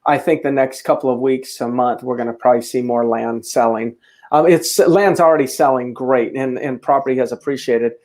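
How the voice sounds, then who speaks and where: Here a realtor co-host with a mid-range, slightly mellow voice speaks at a moderate pace with fairly even intonation. He gives casual opinions on the market for a real estate show, often backing up to restart sentences.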